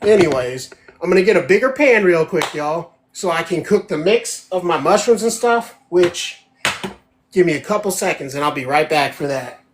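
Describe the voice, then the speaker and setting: A woman's voice: on the low side, lively intonation, normal speed, noisy background. A woman hosting a casual live cooking demo from her home kitchen, chatty and checking in with her viewers as she goes. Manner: chatty, keeps checking in with 'right?'. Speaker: host of a home cooking show.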